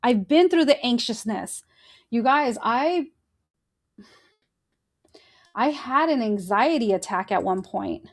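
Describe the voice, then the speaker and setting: Earnest woman with a higher voice. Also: lively intonation, slow pace, pauses often. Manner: earnest and encouraging, talks straight to listeners; gently guides breathing exercises. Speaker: podcast host. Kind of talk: faith-based motivational talk.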